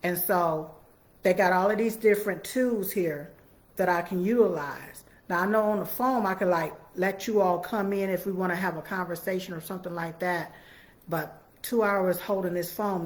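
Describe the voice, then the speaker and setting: A woman's voice: fairly low pitch, moderate pace. A woman hosting a casual live stream from her home computer, chatting folksily with viewers. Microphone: computer mic.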